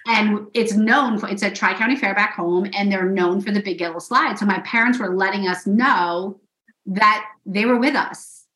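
A woman guest telling a story with excitement and acting out the conversations in it. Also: mid-range voice, normal speed. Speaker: guest, coach. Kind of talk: casual chat. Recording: echoey room.

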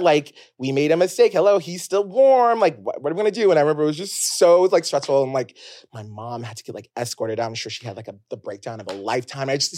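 A man hosting a podcast, telling a personal story in a chatty, filler-heavy way, swinging between loud bursts and hushed asides. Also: medium pitch. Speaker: podcast host. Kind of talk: casual storytelling monologue.

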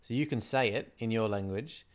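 A man's voice: on the low side, normal speed. A young man in casual chat as a podcast co-host, enthusiastic and rambling with lots of "like".

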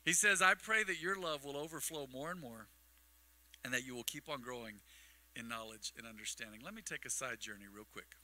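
A man preaching a mid-week sermon as pastor, telling a long personal story with acted-out dialogue and quick asides to the congregation. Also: mid-range voice, pushed and bright, poor audio. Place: church sanctuary. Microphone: microphone on a livestream.

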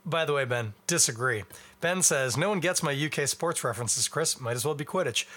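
A man's voice: a little high, lively intonation, fairly quick, bright, forceful tone. A middle-aged man from Canada hosting a beer podcast in a chatty, wry, rambling way. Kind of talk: casual beer review chat.

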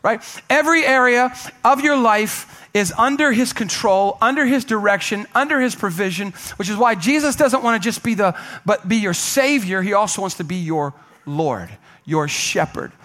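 Male pastor, high-pitched, emphatic sermon delivery, call-and-response with the congregation. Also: moderate pace, bright, forceful tone. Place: church sanctuary.

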